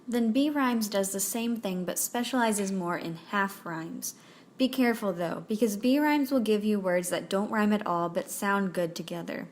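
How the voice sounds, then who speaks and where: A woman narrating a scripted lesson on poetry, reading examples aloud slowly. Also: medium pitch.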